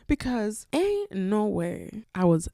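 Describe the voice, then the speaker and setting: A woman hosting a solo podcast, telling personal stories candidly and expressively, jumping from loud bursts to hushed asides. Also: mid-range voice, sing-song, slow, gravelly, dry recording, studio quality. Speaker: podcast host.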